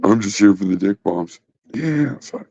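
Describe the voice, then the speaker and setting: Man livestreaming, low gravelly voice, swears a lot, rambles at chat, dull lo-fi sound. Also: expressive, measured pace, mellow, no echo. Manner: profane, rambling, talks back to chat. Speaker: livestream host. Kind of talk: casual livestream chat to viewers.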